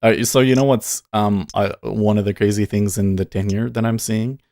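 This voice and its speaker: A man hosts a live trading stream, talking casually and thinking out loud. He rambles from one point to the next and laughs often. His voice sits fairly low for a man. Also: fairly even intonation, moderate pace, gravelly, no echo. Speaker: day trading livestream host. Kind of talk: casual livestream commentary.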